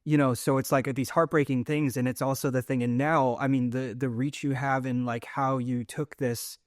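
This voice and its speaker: A middle-aged man in the host's chair, feeling his way through long thoughts with lots of likes and restarts. His voice sits in a middle pitch and is recorded dry and close, with no room sound. He talks in an easy, casual way. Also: flat delivery, normal speed, dry recording. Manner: rambling, searching for words with many fillers and restarts. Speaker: podcast host. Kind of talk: casual conversational interview.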